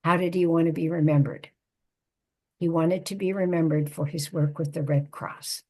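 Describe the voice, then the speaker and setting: Casual: older lady, kinda husky, low-ish, calm reflective storytelling. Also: moderate pace. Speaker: guest, psychotherapist and author. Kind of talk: personal storytelling in conversation.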